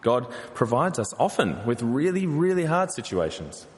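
A man delivers a sermon in an earnest preaching manner, asking his listeners rhetorical questions. His voice sits at an ordinary middle pitch. A long reverb trails behind him, as in a large hall. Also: very animated, normal speed.

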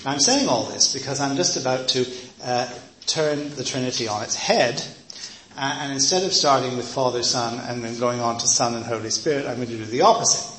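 A man's voice: medium pitch, fairly quick, fairly bright tone, a little hiss or hum. A man preaching a teaching sermon in a conversational, digressive way, often saying "you see". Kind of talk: teaching sermon with personal anecdote. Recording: roomy echo, faint ambience.

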